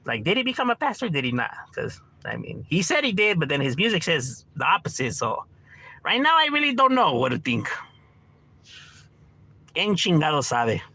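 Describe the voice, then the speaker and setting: A man's voice: fairly high pitch, huge pitch swings, moderate pace, bright, forceful tone, breathy edge. A man from Los Angeles hosting a livestream, chatting casually with strangers in a laid-back, slangy, profane way, dropping Spanish words and laughing often.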